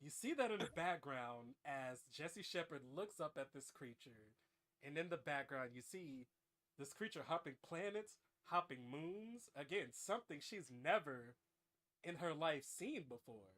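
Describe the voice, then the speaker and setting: A man narrates an improvised comic story with dramatic flair. His pitch swings widely while his pace stays slow and deliberate. He is slightly high-voiced and animated throughout. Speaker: host.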